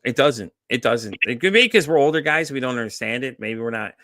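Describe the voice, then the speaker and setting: A middle-aged man hosting a podcast, telling stories in a casual, animated way, acting out quoted voices and swearing freely. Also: medium pitch, brisk. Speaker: podcast host.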